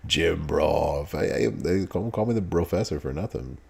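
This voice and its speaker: A man with a deep, low-pitched voice hosts a relaxed live stream. He chats casually, greets viewers one by one, and laughs easily between remarks. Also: normal speed, vocal fry, breathy edge. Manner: laid-back, greets chat viewers by name, laughs often. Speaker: streamer host.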